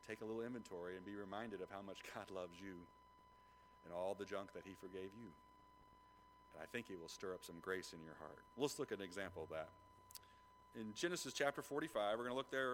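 A man's voice: lowish voice, fairly bright tone, slight background noise. A man preaching a sermon as pastor, talking conversationally and prodding the congregation with questions.

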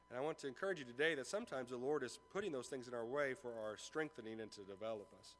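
A man's voice: medium pitch, lively intonation, racing, few pauses, a little hiss or hum. A man giving a sermon as a pastor, telling a story with acted-out dialogue before turning to scripture. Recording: long reverb of a large room.

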